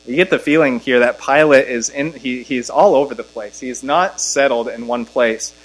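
A man preaching an expository sermon, reading scripture aloud and pressing his points with rising force. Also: poor audio. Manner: emphatic, rising in pitch and volume on key lines, slowing to stress scripture.

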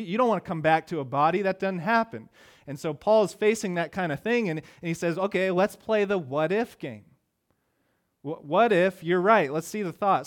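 A middle-aged pastor preaches in a loose, conversational manner. His voice sits a bit high, and he often stumbles and repeats words as he starts a phrase. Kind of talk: sermon.

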